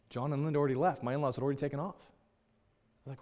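A man's voice: mid-range voice, rapid-fire, darkish tone. A young man, a pastor, telling a personal story in a sermon, earnest and openly emotional in a candid, conversational way.

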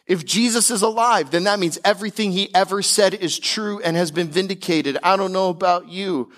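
A man with a fairly high-pitched voice preaching a sermon. He drives each point home with emphasis, slowing down and lifting his voice on the big declarations. Between them he drops into easygoing, conversational asides. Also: fairly bright tone. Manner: slows and climbs in pitch on key declarations. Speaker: pastor.

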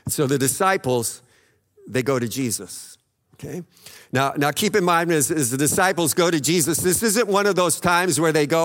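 A man's voice: on the high side, lively intonation, moderate pace, fairly bright tone, in a large hall. A man preaching a sermon, retelling a Bible story in a conversational way, often checking in with "okay?" and acting out the voices in it. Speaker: pastor.

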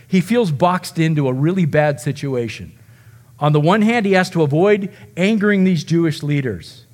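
A male pastor preaching a sermon, animated and dramatizing the words of the figures he describes. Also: a little high.

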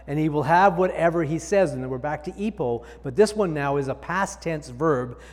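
A man's voice: a little high, animated, normal speed, darkish tone, long reverb tail. A male pastor preaching a sermon, reading scripture aloud and explaining it with emphatic repetition.

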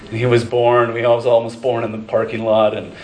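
A man's voice: mid-range voice, monotone, a little fast, darkish tone, echoey room, poor audio. A man preaching a sermon as pastor, telling personal stories in a conversational way with many fillers and restarts. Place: church sanctuary.

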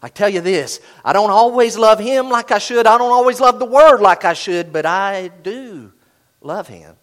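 A middle-aged man preaching a sermon, animated, swinging from loud bursts to hushed asides. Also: high-pitched, moderate pace. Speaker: pastor.

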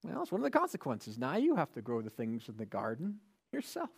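A man's voice: mid-range voice, wildly swooping pitch, a little fast, creaky, husky. A male pastor giving a sermon in a conversational way, with rhetorical questions and emphatic repetition.

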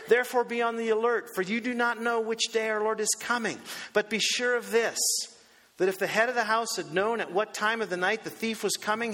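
Male pastor, high voice, emphatic sermon delivery full of rhetorical questions, heard in a big echoing hall. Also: bright, forceful tone.

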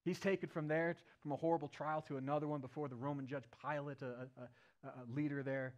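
A male pastor preaching a sermon at a church service. He retells a story vividly, moving from loud, raised passages to hushed, low ones. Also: fairly even intonation, brisk, muffled recording.

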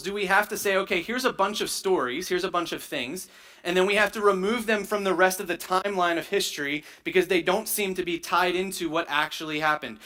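A man delivers a sermon in a bright, ringing voice that sits a little high for a man. He explains in a casual, conversational way and keeps checking in with his listeners. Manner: conversational teaching with frequent "right?" check-ins. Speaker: pastor.

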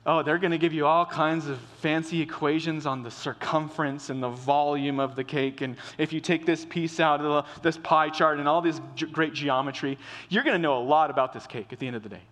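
A pastor preaching a sermon in a casual, conversational way, often restarting and repeating phrases. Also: male voice, on the high side, steady tone, a little fast, hardly any pauses, fairly bright tone. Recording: long hall reverb.

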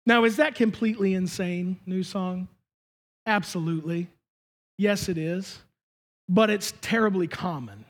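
A man preaching a sermon as pastor in a church, emphatic, swinging between shouted lines and hushed asides. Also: high voice, measured pace.

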